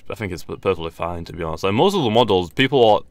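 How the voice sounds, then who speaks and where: A young man talks through a game with a slightly hoarse, low voice, rambling and restarting his sentences as he goes. The recording is dry and close, with no room sound around him. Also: expressive, very fast, no echo. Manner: rambling, hesitant, frequent restarts and laughs. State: losing his voice. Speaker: gaming YouTuber. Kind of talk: casual gameplay commentary.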